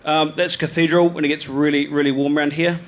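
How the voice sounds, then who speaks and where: A man's voice: fairly high pitch, little pitch movement, a little fast, a little hiss or hum. Laid-back New Zealand man presenting photos. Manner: rambling and laid-back, many ums and restarts, slangy. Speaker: photographer giving a talk about his slides. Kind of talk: casual live presentation. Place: live event venue with an audience.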